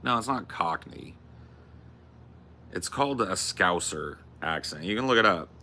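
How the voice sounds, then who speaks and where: A man's voice: low voice, lively intonation, unhurried, bright, forceful tone, a little hiss or hum. A young man co-hosting a podcast in loose, profane casual chat, saying dude and bro. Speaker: podcast co-host.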